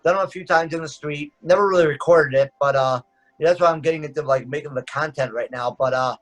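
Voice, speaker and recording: A man's voice: a little high, a bit bright, soft background music, rough recording. A man from the Detroit area, a magician guest talking in a casual podcast chat, rambling with lots of fillers. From Metro Detroit, USA. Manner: rapid, rambling with many fillers.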